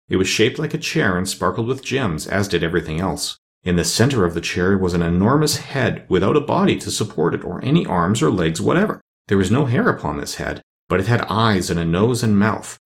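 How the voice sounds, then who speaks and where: Gravelly male storybook narrator. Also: on the low side. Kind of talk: storybook reading.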